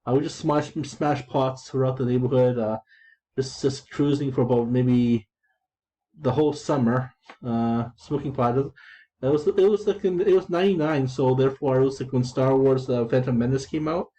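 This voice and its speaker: Rambling man with a mellow voice. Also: mid-range voice, normal speed, slight background noise, poor audio. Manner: digressive, full of restarts and repeated words. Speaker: gamer explaining his in-game chat. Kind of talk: rambling casual commentary.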